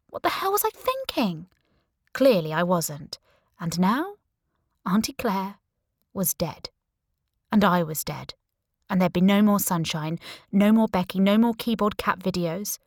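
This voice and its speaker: A woman narrating a first-person thriller audiobook, with wry, even storytelling on a close studio mic. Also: medium pitch, unhurried, long pauses, no room sound.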